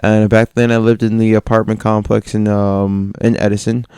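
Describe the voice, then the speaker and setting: A young man co-hosting a podcast, telling a personal story in a casual, animated way and laughing often as he acts out what people said. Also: lowish voice, moderate pace, clean tone, no echo, clean studio sound. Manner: animated, laughing often, acting out quoted lines. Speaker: podcast co-host.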